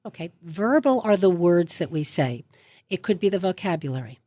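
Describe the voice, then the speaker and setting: A woman's voice: on the low side, animated, normal speed, dark tone, dry recording. A woman speech coach giving a radio interview from a studio, talking emphatically and stressing key words as she explains. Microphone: studio microphone.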